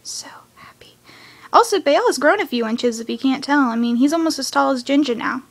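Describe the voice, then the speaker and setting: A teenage girl with a high, bright voice rattles through a cartoon episode she just watched, chatty and excitable. She recaps at speed, then slips into hushed whispered asides. She is recording at home, alone in her room. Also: fast. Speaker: fan reviewing a cartoon episode.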